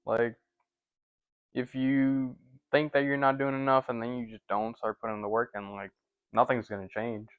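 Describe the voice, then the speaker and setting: A man's voice: mid-range voice, little pitch movement, normal speed, clear, resonant tone. A man hosting a casual chat, chiming in with brief agreeing remarks. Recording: tinny phone-like sound.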